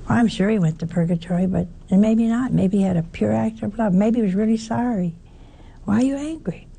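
A woman's voice: mid-range voice, brisk, gravelly, warm tone, husky. A woman preaching a sermon in a conversational way, often asking the listeners rhetorical questions.

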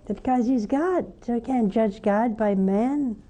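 Slow, mellow-voiced older nun preaching. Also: female voice. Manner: fervent, coaxing, rising to high emphatic peaks. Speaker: nun hosting a call-in show. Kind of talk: preaching and answering callers.

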